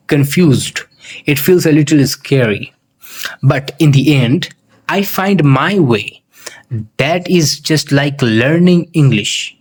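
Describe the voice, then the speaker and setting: A man teaching English, telling a simple story in slow, deliberate narration with carefully spaced phrasing for learners. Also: a little high, a little mellow, slightly rough.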